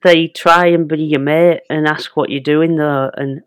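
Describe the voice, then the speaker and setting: A man's voice: on the high side, steady tone, normal speed, hardly any pauses, clear, resonant tone, dry recording. A man, a comedian guest on a podcast, bantering in a wry, self-deprecating way. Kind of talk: casual chat.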